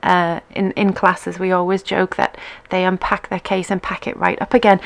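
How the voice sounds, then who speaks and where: A woman's voice: fairly low pitch, steady tone, normal speed, gravelly. A woman who teaches dance, hosting a live stream from home and chatting cheerfully as she reads out comments from her viewers. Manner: chatty, giggly and upbeat. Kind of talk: casual chat reading out viewer comments.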